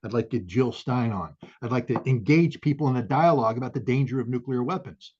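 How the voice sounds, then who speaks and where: A male interview guest who talks haltingly with many fillers, then swells into fiery outbursts. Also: medium pitch, darkish tone, husky. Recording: dull lo-fi audio.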